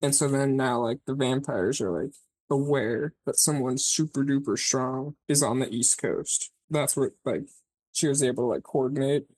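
A podcast co-host casually retelling a movie plot, rambling and swearing, filling every pause with "like" and acting out the characters' lines. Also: medium pitch, darkish tone, slightly rough, no echo. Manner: rambling, profane, peppered with "like"; acts out characters' lines mid-story.

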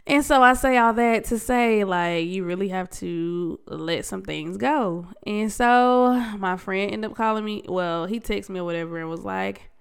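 On her solo podcast, a young adult woman with a congested voice speaks unhurriedly at medium pitch, with vocal fry, few pauses and a clean tone. Her talk is candid, slangy and conversational, and she restarts frequently.

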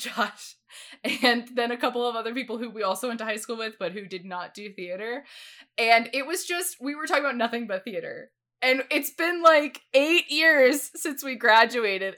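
A woman in her twenties co-hosting a podcast, telling animated stories in casual chat and laughing often. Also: on the high side. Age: 20s. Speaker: podcast co-host.

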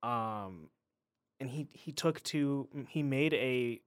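A man's voice: mid-range voice, takes it slowly, smooth, dry recording. Dry-sounding man chatting casually. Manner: animated, acts out quotes in character voices. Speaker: podcast co-host. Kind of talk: casual chat.

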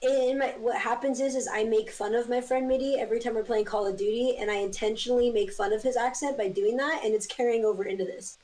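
A woman who is a podcast guest, telling stories in animated, casual chat and laughing often. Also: fairly high pitch, fast, hardly any pauses, rough recording.

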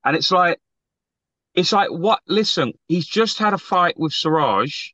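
Animated man telling a story. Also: fairly high pitch, measured pace, no room sound, highs cut off. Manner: animated storyteller, acts out quotes, swears freely. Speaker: podcast co-host telling a story. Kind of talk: casual storytelling chat.

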